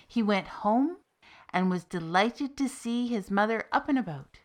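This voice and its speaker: A woman storyteller giving a steady, expressive reading of a folk tale for a podcast. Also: mid-range voice, unhurried. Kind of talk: scripted narration of a folk tale.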